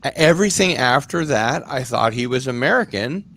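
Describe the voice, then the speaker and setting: A man's voice: mid-range voice, lively intonation, brisk, a bit bright. A man co-hosting a casual podcast chat, asking curious questions and hesitating with fillers. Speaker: podcast co-host.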